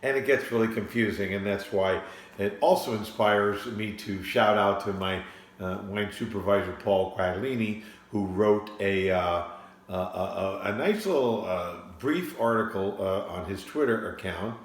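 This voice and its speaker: A man's voice: lowish voice, a little slow, roomy sound. A man working as a sommelier explains wine labels in a casual, rambling way, recorded in a home studio. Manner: rambling, with frequent restarts. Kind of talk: casual explainer talk to camera.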